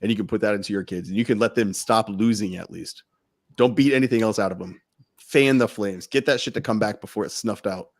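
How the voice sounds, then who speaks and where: A man's voice: on the low side, brisk. A man co-hosting a podcast, talking bluntly with swearing and building to heated outbursts. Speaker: podcast co-host. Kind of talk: impassioned podcast rant.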